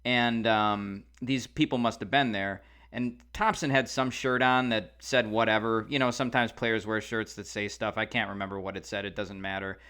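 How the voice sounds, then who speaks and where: A man's voice: fairly low pitch, fairly even intonation, moderate pace, few pauses, sharp tone, smooth. A man co-hosting a podcast, telling a rambling casual story with lots of fillers. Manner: rambling, many fillers and restarts. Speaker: podcast co-host.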